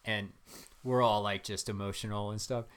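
A man with a fairly low voice chatting as a guest, rambling through a story full of fillers. He tells it in an animated, storytelling way. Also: moderate pace, clear, resonant tone. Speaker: guest runner. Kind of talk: casual interview chat.

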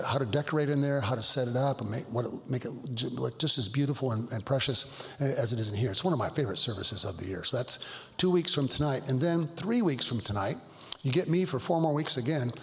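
A middle-aged male pastor telling stories in a Bible study, earnest and halting, with frequent restarts. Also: medium pitch, gravelly. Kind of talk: Bible study talk, storytelling. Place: church hall. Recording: long hall reverb.

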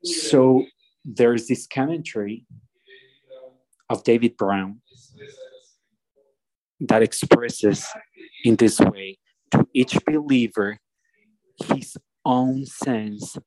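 A man preaching a sermon, slow and deliberate, often restarting his phrases as he explains a passage. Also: medium pitch, darkish tone, no room sound, rough recording.

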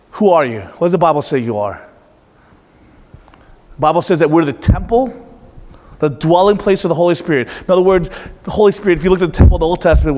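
A pastor in his thirties preaches to a congregation in a large hall, his voice a little high and a little mellow. It's an interactive sermon: he calls out questions and repeats the answers back with emphasis.

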